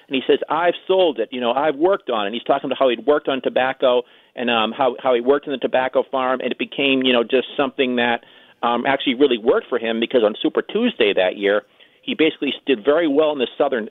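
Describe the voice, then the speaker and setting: Fast-talking man on a phone line. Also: medium pitch, dry recording. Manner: chatty, storytelling with many fillers. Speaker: guest political author. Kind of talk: radio phone interview. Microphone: telephone.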